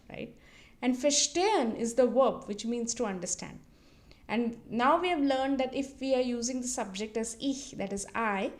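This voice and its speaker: A woman teaching as a language tutor, explaining phrases patiently and repeating each one slowly for the listener to copy. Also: on the high side, a little mellow. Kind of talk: instructional explanation with slow repetition drills.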